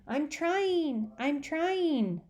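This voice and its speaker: A woman's voice: high-pitched, animated, extremely slow, a little mellow, voice pushed up, full character voice. A woman voicing a male pet mynah bird who repeats words in a squawky bird voice for a storybook reading. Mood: parroting.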